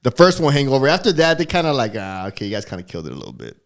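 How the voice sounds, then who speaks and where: A male podcast co-host chatting casually, rambling and animated, with frequent swearing. His voice sits at an ordinary, middling pitch for a man. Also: very fast, vocal fry. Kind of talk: casual chat.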